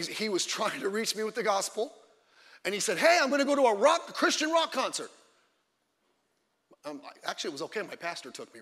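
Fiery high-voiced preacher in an echoing church. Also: male voice, pushed and bright. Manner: fiery, emphatic preaching with frequent asides. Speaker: pastor. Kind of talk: sermon.

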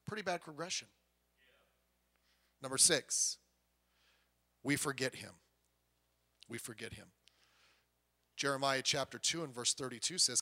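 A man preaching a sermon as pastor, animated, with sudden loud emphasis and quiet asides. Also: mid-range voice. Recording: long reverb of a church hall.

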